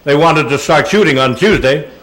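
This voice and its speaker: An older man giving an animated, anecdotal talk to an audience, slipping into voices as he goes. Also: on the high side, moderate pace, poor audio. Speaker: guest speaker. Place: auditorium presentation.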